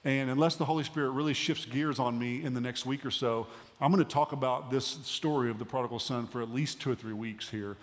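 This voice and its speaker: A man giving a sermon as a pastor, conversational with pauses and emphatic rises. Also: medium pitch. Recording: long hall reverb.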